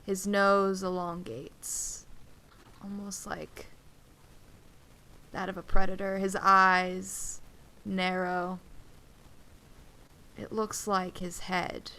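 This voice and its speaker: A woman game master narrating a tabletop horror game in a slow, deliberate storytelling manner with dramatic pauses. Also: medium pitch, little pitch movement, pushed and bright.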